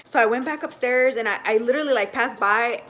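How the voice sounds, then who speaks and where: Young woman vlogger, chatty and animated, slightly high voice, speaking at home. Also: fast, soft background music. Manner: chatty, animated, full of fillers. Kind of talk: casual storytelling to camera.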